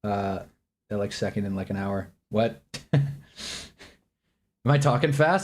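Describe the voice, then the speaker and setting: A man's voice: fairly low pitch, measured pace, pauses often, darkish tone. Annoyed man ranting on a live stream. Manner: rambling, annoyed and joking, talks while eating. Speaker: streamer reacting live to a football draft. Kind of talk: casual live-stream reaction.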